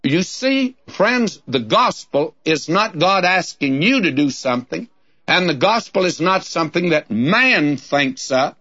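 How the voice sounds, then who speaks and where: A man's voice: fairly high pitch, lively intonation, measured pace, sharp tone, breathy edge. Folksy preacher man on old lo-fi tape. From Southern California. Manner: folksy, addresses listeners as friend; reads scripture in King James cadence. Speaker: radio Bible teacher. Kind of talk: taped radio Bible teaching. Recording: dull lo-fi tape recording.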